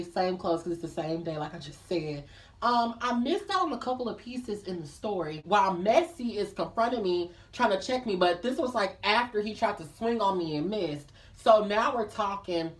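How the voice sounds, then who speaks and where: A woman's voice: mid-range voice, recorded from a distance. A woman vlogger telling a personal story in a casual, chatty way, calling her listeners girl and y'all, and acting out the people she talks about. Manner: lively, acts out the people in the story.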